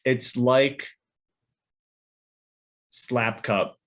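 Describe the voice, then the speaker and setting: A man's voice: mid-range voice, extremely slow. A young man, a podcast co-host, telling a rambling weekend story in casual chat with lots of fillers and restarts.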